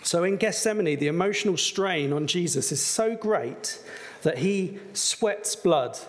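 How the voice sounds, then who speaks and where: A man preaching with earnest warmth in a chatty, unpolished way, with "um"s and "like"s. His voice sits a little high for a man, and it rings out in a hall with a long reverb. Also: expressive, measured pace. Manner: earnest, conversational, with fillers. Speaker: pastor. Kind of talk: sermon.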